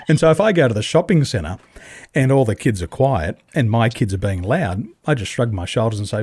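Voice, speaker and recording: A man's voice: medium pitch, lively intonation, fairly quick, a little mellow, husky, no echo. A man with an Australian accent, a podcast guest talking bluntly in casual conversation and laughing at his own jokes.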